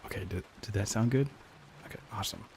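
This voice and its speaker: A man chats with his stream audience in a rambling, joking way. His voice is low and gravelly and he is close on a lapel mic. Faint rain plays behind him. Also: fast talker, darkish tone, slight background noise. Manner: rambling, joking, talks to chat. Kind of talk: casual live-stream chat.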